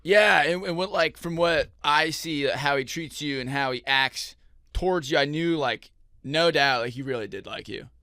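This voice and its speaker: A man's voice: fairly high pitch, moderate pace, bright, forceful tone, dry recording, clean studio sound. A man reading the part of a wary, awkward young man from a dating show in a comic table read, hesitant and laughing.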